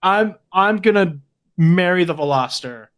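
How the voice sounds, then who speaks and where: A man's voice: high voice, expressive, measured pace, a bit bright. A man co-hosting a podcast in casual chat, with dry joking asides. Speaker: podcast co-host.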